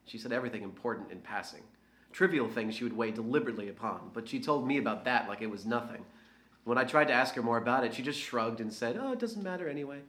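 An actor voicing a reflective man who speaks in a quiet, measured, rueful way about his past. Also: mid-range voice, roomy sound, close to an everyday voice. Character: reflective man who once smoked, looking back. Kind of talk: dramatic first-person narration.

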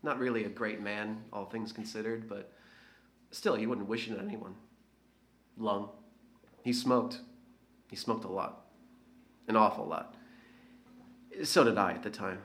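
Rueful reflective man played by an actor, measured and quiet, lowish voice, echoey room. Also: fairly even intonation. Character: reflective man who once smoked, looking back. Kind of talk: dramatic first-person narration.

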